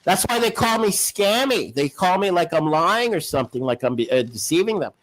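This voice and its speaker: A man with a high-set voice hosts a live-streamed talk show and argues hard with his callers. He preaches with insistence, stumbling through restarts and fillers as he pushes his point. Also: expressive, normal speed, fairly bright tone, rough recording. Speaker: host. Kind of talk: heated live-stream debate.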